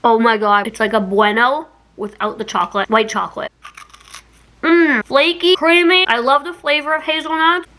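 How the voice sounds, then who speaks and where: Bright, giggly young woman vlogger. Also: high-pitched, normal speed. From Canada. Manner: chatty, giggly, self-mocking. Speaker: YouTuber doing a taste test. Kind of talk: casual taste-test vlog.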